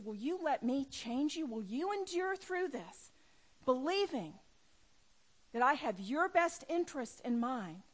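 A woman preaching a sermon to women, emphatic, swinging from loud urging to hushed prayer. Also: sits high. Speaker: women's ministry speaker.

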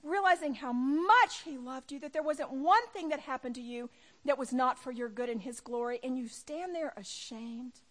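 Impassioned high-voiced woman preaching. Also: animated, moderate pace. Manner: impassioned, swings from hushed to loud. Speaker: women's ministry speaker. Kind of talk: sermon.

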